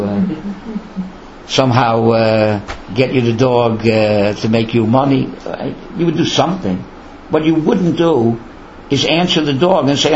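A man's voice: mid-range voice, gravelly, darkish tone, slight background noise. Man giving a roomy, lo-fi Torah talk. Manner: conversational, asks rhetorical questions. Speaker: Torah teacher. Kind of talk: Torah lecture. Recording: roomy, dull lo-fi with faint ambience.

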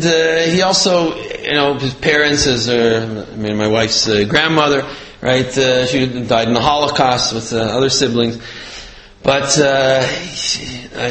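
A man telling a religious lesson as a story, talking haltingly with many fillers and restarts. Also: medium pitch, fairly bright tone. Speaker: religious teacher. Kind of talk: storytelling sermon. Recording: roomy echo.

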